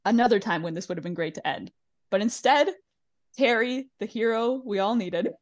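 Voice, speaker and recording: A woman's voice: a little high, normal speed. A woman co-hosting a podcast, chatting casually and swearing as she recaps a reality show and acts out the cast's lines. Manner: animated, swearing, acting out quotes. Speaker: podcast co-host.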